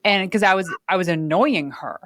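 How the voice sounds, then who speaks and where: A woman hosting a podcast, telling personal stories in a lively, conversational way with laughs. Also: mid-range voice, moderate pace, dry recording. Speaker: podcast host. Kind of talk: conversational storytelling.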